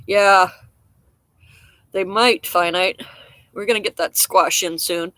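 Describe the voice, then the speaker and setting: A woman's voice: on the low side, fairly even intonation, takes it slowly, bright, forceful tone, no echo. A woman hosting a casual live-stream chat outdoors in a damp garden, talking frankly and rambling, mocking herself with frequent chuckles and the odd cough. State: coughing now and then. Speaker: livestream host chatting with viewers.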